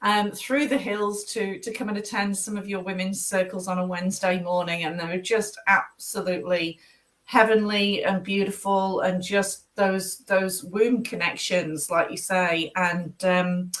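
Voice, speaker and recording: A woman's voice: medium pitch, fairly even intonation, unhurried, fairly bright tone, distant mic. A woman hosting a casual interview, asking long encouraging questions. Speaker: host.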